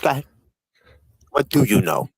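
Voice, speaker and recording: A man's voice: medium pitch, sing-song, moderate pace, slightly rough, no room sound, rough recording. A man hosting a livestream panel, talking in a profane, taunting and combative way. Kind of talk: heated livestream panel chat.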